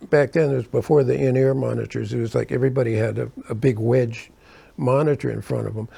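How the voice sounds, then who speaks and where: An older man, a keyboardist, telling animated stories from his touring days in a casual way. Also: creaky, slightly rough. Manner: animated, acts out quotes with rising pitch. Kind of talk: casual storytelling.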